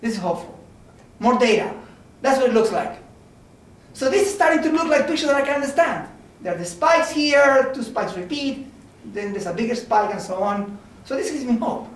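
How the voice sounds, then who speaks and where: A man's voice: very high-pitched, lively intonation, normal speed. A man giving an informal mathematics seminar lecture, talking conversationally and often checking in with "okay?" and "right?". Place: lecture room. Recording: very echoey room from a distance.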